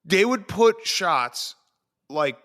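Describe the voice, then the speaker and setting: Bright-voiced excitable male sports podcast host. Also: high voice, dry recording, studio quality. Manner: excitable, swearing, quick asides. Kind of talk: casual sports chat.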